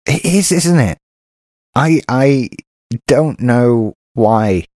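A man's voice: mid-range voice, expressive, very slow, darkish tone, no echo. A British man co-hosting a podcast, chatting casually and often restarting his sentences. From Britain. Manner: chatty, self-interrupting. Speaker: podcast co-host. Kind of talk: casual chat.

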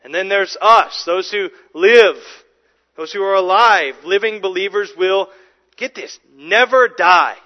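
Earnest high-voiced male preacher. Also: unhurried, muffled recording. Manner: earnest, emphatic, with repeated words and restarts. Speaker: pastor. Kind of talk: sermon.

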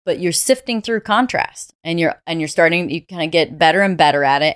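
A woman's voice: low-pitched, clear, resonant tone, no echo, studio quality. A woman from the United States, a podcast guest, telling her story in a reflective, candid way. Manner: reflective, candid, laughs easily. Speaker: interview guest. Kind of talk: conversational storytelling.

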